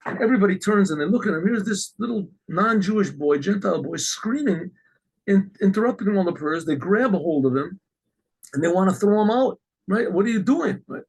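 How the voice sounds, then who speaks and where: A man, a rabbi, telling a religious story in an animated way, often clearing his throat. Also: high voice, brisk, poor audio.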